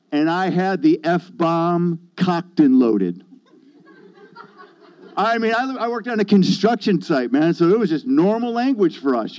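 Man, testimony speaker, mellow dark tone, emphatic swings, slightly dull lo-fi recording. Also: on the high side. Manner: emphatic, shifts between loud bursts and hushed asides. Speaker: guest sharing his testimony. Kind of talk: animated testimony.

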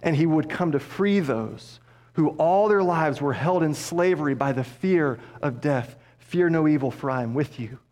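A man preaching a sermon as pastor, passionate, dropping low and soft for emphasis. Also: animated, moderate pace. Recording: long hall reverb.

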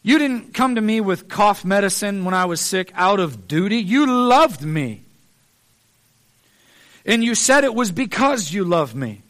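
Earnest high-voiced male preacher. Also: lively intonation, moderate pace, few pauses, a bit bright. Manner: earnest, pleading, rises in emphasis on repeated phrases. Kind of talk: sermon.

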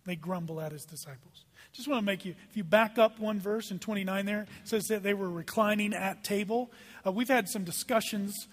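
Animated high-voiced preacher in a reverberant hall. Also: male voice, fairly quick. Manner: animated, emphatic preaching with dramatic drops to hushed tones. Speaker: pastor. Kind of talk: sermon.

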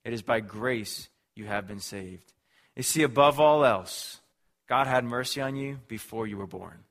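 Pastor, male, mid-pitched voice, earnest emphatic sermon delivery with repetition. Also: measured pace, fairly bright tone.

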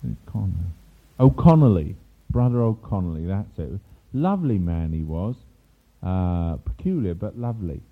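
A man's voice: deep voice, moderate pace. An older man from England preaching a sermon, telling a story with asides and chuckles along the way. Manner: storytelling with asides and laughs, animated. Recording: tinny phone-like sound.

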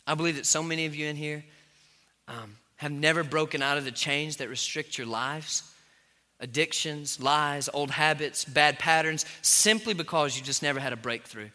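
Male pastor, sermon, high voice, piercing bright tone, bursts of loud emphasis, long church hall reverb. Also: normal speed. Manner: preaching with sudden surges of loud emphasis.

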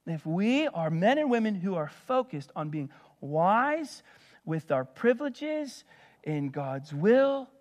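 A middle-aged male pastor delivering a sermon in a fairly high-pitched voice. He preaches with animated, emphatic bursts and then falls back to quiet, conversational asides. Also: takes it slowly. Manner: animated preaching, swings from loud emphatic peaks to soft asides.

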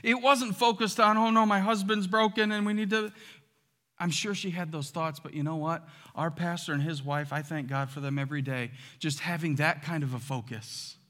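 A man preaching a sermon as pastor, animated and acting out quotes with loud outbursts. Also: fairly high pitch, normal speed. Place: church sanctuary. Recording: long hall reverb.

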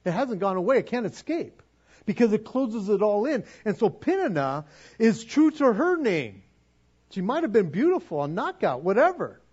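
Man, sermon, high voice, husky, conversational, lo-fi recording. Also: big pitch swings, normal speed, darkish tone. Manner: conversational, with acted-out asides and repetitions. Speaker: preacher.

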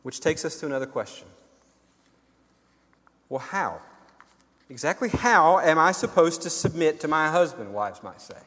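A male pastor preaching with earnest conviction, his voice sitting a little higher than most men's. He often circles back and repeats words as he builds his point. A long reverb hangs behind him, as in a large sanctuary. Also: lively intonation, normal speed, pauses often, a bit bright. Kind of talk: sermon.

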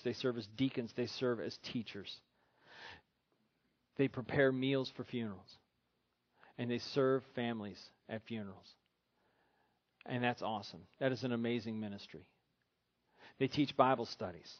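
A man's voice: mid-range voice, muffled recording. A middle-aged male pastor preaching a sermon in church, mixing humor with earnest teaching. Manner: preaching with humor, putting on silly voices for a husband.

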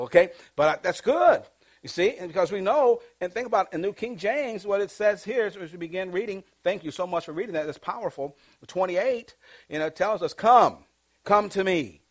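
A male pastor preaching with fervor, his voice sitting a touch high for a man. He leads the congregation in call-and-response and pushes hard on the key lines. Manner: preaching with call-and-response, rising to emphatic bursts. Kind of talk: sermon.

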